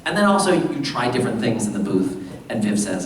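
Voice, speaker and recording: A man's voice: on the low side, big pitch swings, brisk, a little hiss or hum. A voice actor at a convention panel, rambling and self-deprecating, laughing often as he answers fan questions. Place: large convention hall. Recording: echoey hall, distant mic.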